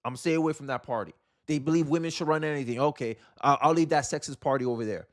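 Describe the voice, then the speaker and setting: Casting: young male commentator, exasperated and rambling, slightly high voice. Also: fast talker. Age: young adult. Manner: exasperated, rambling, frequent restarts. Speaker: commentary channel host. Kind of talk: casual political commentary.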